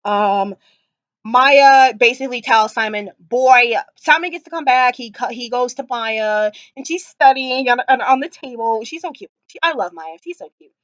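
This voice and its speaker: Woman vlogger rambling and gushing, lots of likes and ums, kinda highish voice, dull sound. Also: animated, normal speed, a bit bright, no room sound. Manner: gushing, rambling, many fillers. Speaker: vlogger reviewing a TV episode. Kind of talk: casual chat. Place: at home, sitting on the floor.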